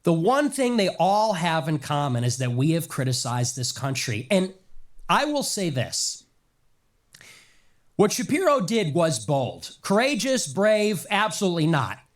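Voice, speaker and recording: A man's voice: fairly high pitch, sing-song, unhurried. Sarcastic male commentator with a cough. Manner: sarcastic, mocking, emphatic lists. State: nagging cough. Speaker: political commentator. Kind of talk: sarcastic political commentary monologue.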